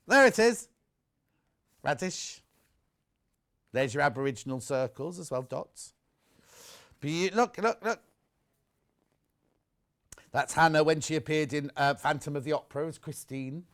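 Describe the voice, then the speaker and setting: A man presenting on a live TV shopping show, chatty and excitable, jumping between asides. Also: a little high, measured pace, pauses often. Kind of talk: live TV sales chat. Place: TV studio.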